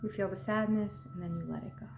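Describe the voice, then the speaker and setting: A woman, an emotions coach, talking people through their feelings in a gentle, reflective way, asking rhetorical questions and at times sinking to a whisper. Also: mid-range voice, steady tone, fast, background noise.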